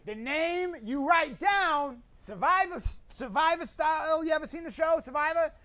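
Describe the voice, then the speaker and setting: A woman hosting a live contest stream, teasing the players and giving orders in quick quips. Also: high voice, fairly bright tone. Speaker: host.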